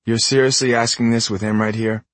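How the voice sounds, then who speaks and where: A man voicing a deadpan teenage girl. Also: medium pitch, normal speed, slightly rough, dry recording, heavily acted. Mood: dry teasing. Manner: deadpan, teasing. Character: teenage girl, dry and guarded.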